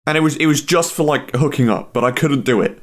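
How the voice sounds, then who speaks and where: A man's voice: medium pitch, fast talker. A man co-hosting a podcast who talks bluntly and swears freely in casual chat.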